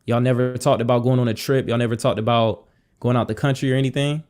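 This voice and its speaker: A man's voice: medium pitch, fairly even intonation, fast, darkish tone. A man interviewing, direct and probing in his questions.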